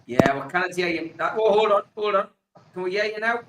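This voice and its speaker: A man hosting a football fan podcast, relaxed, reading out chat comments with lots of fillers. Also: high-pitched, brisk, roomy sound, background noise. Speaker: host.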